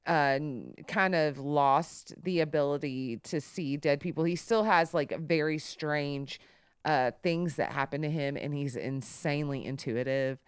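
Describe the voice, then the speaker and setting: Lively, low-voiced woman telling a story. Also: smooth, dry recording, clean studio sound. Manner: animated, jumps high when quoting others. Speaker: podcast co-host. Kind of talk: casual storytelling chat.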